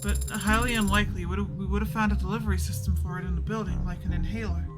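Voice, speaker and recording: A woman's voice: medium pitch, steady tone, fast, close to an everyday voice. A woman voicing a polite, inquisitive female android assistant in a live fan voice acting of a visual novel, earnest and formal. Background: game music.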